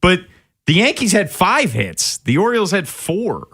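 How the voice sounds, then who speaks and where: Male radio host, higher and bright-toned, emphatic sports talk with restarts. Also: very animated, measured pace, breathy edge. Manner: emphatic, restarts sentences when building a point.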